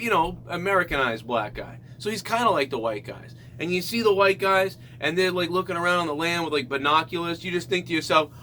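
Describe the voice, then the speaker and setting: A man hosting a comedy show, giving a ranting comedic monologue that often bursts into loud shouts. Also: sits high, slight background noise.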